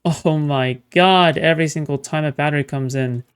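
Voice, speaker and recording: A man's voice: on the high side, moderate pace, clear, resonant tone. A man streaming a game live, ranting sarcastically and swearing as he plays. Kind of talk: live gameplay commentary.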